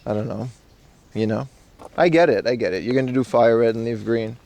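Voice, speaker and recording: A low-pitched male streamer with a gravelly, fry-heavy voice, talking to his chat while walking outdoors. He rambles in a loose, slangy way and answers messages as he goes. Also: a little fast, darkish tone. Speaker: IRL streamer. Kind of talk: casual live-stream chat. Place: outdoors in a park in Japan.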